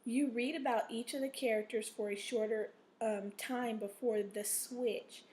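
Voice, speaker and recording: A woman's voice: on the high side, steady tone, a little slow, a little mellow. A woman teacher giving a recorded reading lesson to children, patient and checking in often, sometimes reading aloud with expression. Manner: patient, repeats "okay?" to check in.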